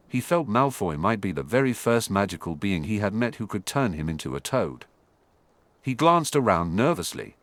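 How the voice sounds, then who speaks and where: A man narrating a fan fiction audiobook in a steady storytelling manner. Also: fairly low pitch, moderate pace, no echo.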